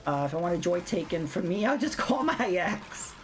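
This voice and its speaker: A woman's voice: fairly low pitch, big pitch swings, normal speed. A woman streamer ranting bluntly in casual chat while playing a game, swearing freely. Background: faint game music.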